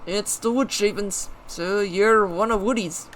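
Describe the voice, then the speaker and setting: A man's voice: high voice, animated, normal speed, fairly bright tone. A player voicing a friendly male woodcutter, putting on a thick, uncertain accent and reading game dialogue in a folksy, teasing way. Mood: hearty. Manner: folksy, teasing, calls people mate.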